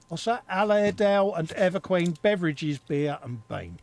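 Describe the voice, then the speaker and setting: A man's voice: high-pitched, animated, moderate pace, a little mellow. A middle-aged man co-hosting a live stream, bantering dryly and reading out chat messages. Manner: dry joking, reads chat aloud. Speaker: co-host of a live hobby stream. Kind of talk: casual banter.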